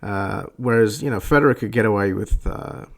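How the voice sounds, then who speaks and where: A man's voice: fairly low pitch, moderate pace, gravelly. A man hosting a podcast, ranting bluntly and profanely in a rambling way. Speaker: podcast host. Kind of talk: profane opinion rant.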